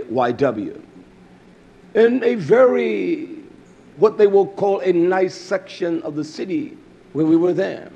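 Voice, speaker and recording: A man preaching a fiery sermon, swinging from loud outbursts to low murmurs, with a husky voice. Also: lo-fi sound.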